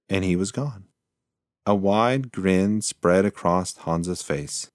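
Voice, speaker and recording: A man narrating a children's storybook in a slow, measured reading. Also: sits low, no room sound, studio quality.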